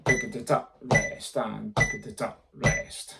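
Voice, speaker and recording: A man teaches snare drumming in an instructional lesson, counting aloud and vocalizing the rhythms while a snare drum plays. His voice is fairly low, flat, measured, and creaky, with loud music behind it and loud background noise in the recording.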